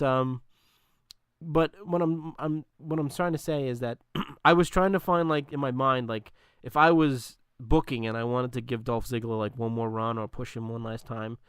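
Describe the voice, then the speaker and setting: Jokey co-host, smooth resonant tone, close and dry. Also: male voice, medium pitch, fairly bright tone, no echo. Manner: jokey, chatty, laughs at own jokes. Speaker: podcast co-host. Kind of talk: casual chat.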